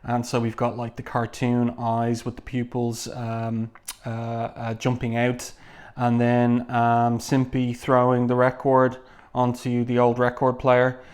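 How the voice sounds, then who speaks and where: A middle-aged man giving a casual spoken review of a comic book, halting often with ums and uhs. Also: medium pitch, completely flat delivery.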